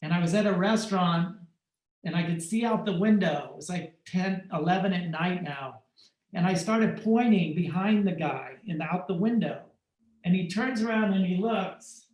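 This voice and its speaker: Podcast guest, male, high voice, roomy echo; animated storyteller who voices every character in the tale. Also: moderate pace. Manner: acts out quoted dialogue in lively shifting tones. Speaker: podcast guest, fashion photographer.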